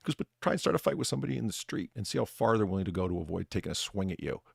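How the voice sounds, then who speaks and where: A man's voice: low-pitched, very fast, gravelly, slightly rough, dry recording, studio quality. A man hosting a casual chat, telling stories with lots of laughter and acting out bits of dialogue, swearing casually. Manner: animated storyteller, laughs often, acts out lines. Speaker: podcast host, bartender persona.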